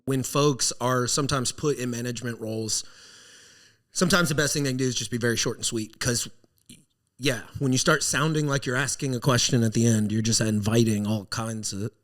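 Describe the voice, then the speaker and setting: Male co-host, mid-pitched, reflective, casual, trails off at the ends. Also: steady tone, a little fast. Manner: agreeable, reflective, trailing off softly. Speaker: podcast co-host who manages staff. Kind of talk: casual chat.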